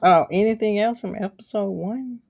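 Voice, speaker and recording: A woman co-hosting a podcast in relaxed casual chat with laid-back slang. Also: medium pitch, moderate pace, creaky, no echo, clean studio sound. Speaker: podcast co-host.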